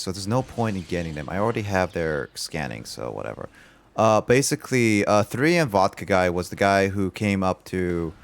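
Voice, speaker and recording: A young man streaming a game, rambling through his play and telling a long story with many fillers and restarts. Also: deep voice. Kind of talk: casual gameplay commentary and storytelling.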